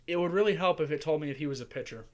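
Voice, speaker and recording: A man's voice: a little high, rapid-fire. Chatty man narrating a sports game. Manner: chatty, musing aloud while playing. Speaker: gaming channel host. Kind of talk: casual game commentary.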